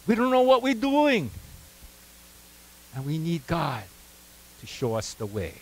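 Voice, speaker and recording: A man's voice: on the high side, wildly swooping pitch, measured pace, a little hiss or hum, rough recording. A pastor preaching a sermon, conversational and full of "right?" asides, prompting his congregation to call out words.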